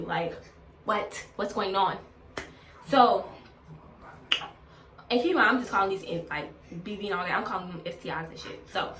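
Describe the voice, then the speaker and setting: A woman's voice: mid-range voice, sharp tone, a little hiss or hum. A woman telling a storytime on her vlog in a blunt, heavily profane, venting way. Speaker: vlogger. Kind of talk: casual storytime rant. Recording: roomy, distant from mic.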